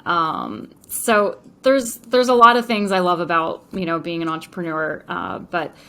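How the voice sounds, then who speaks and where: A woman's voice: fairly low pitch, measured pace, a bit bright. A woman entrepreneur speaking as a podcast guest, enthusiastic and chatty, with frequent fillers. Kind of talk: podcast interview.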